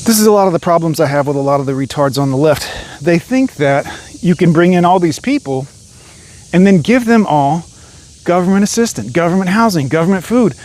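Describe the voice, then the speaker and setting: A man's voice: fairly high pitch, animated, brisk, a little mellow, slight background noise. A man delivering an angry, profanity-laden rant straight to camera as a vlogger. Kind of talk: ranting monologue.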